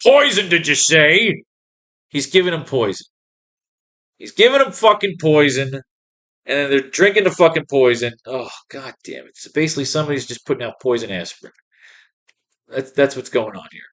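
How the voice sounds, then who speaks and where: A man's voice: mid-range voice, expressive, fairly quick, fairly bright tone. A man hosting a writing class, reading comics aloud and ranting at them with crude, exasperated commentary. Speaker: host.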